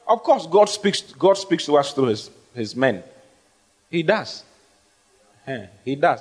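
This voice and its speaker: Emphatic preaching man, fairly high voice. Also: breathy edge. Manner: emphatic, rising to stressed phrases, asks the congregation questions. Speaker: pastor. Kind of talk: sermon with audience questions.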